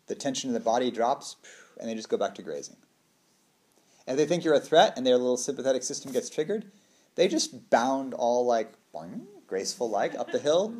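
A man explaining things as a trauma therapist, casual and conversational, with a middling pitch. He keeps checking in with the listener and slips into playful acted-out voices. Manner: relaxed, conversational, checks in with "right?"; acts out quoted voices playfully.

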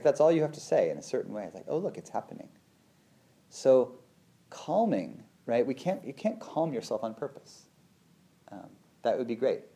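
A man, a meditation teacher, giving a conversational talk on feelings and the body, who often acts out his inner voice with sudden lively jumps. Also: lowish voice, creaky. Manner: conversational, many fillers and restarts. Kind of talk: reflective talk on feelings and the nervous system.

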